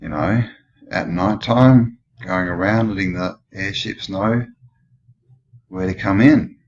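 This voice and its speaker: Deep-voiced Australian man musing aloud. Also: takes it slowly, highs cut off, a little hiss or hum. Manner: rambling, musing, full of questions. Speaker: channel host. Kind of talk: casual commentary over old photos.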